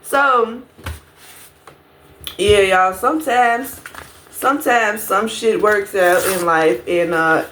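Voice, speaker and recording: A woman's voice: mid-range voice, slow pace, long pauses, slight background noise. A woman telling a storytime to her viewers, casual and profane, talking to them directly. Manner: profane, animated, addresses viewers as y'all.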